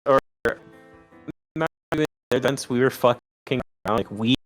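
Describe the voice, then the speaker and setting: A young man playing a tabletop game, rambling excitably and swearing in casual chat. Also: mid-range voice, normal speed, soft background music. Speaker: player.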